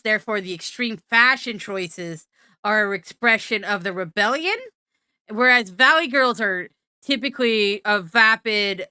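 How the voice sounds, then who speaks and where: A woman's voice: mid-range voice, bright, forceful tone, smooth, no room sound, studio quality. A woman streamer chatting casually, self-deprecating, explaining at length with many fillers. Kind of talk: casual live-stream chat.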